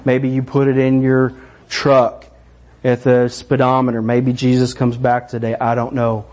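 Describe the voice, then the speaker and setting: A middle-aged man preaching a sermon, animated and excited, acting out voices. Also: mid-range voice, measured pace. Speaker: pastor.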